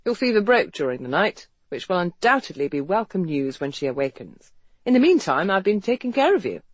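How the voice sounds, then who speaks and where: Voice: medium pitch, big pitch swings, a little fast, dry recording. Narrator doing West, a teasing young man. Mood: dry. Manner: light aimless banter in mock cheer. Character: wry teasing young man, chatty and sardonic.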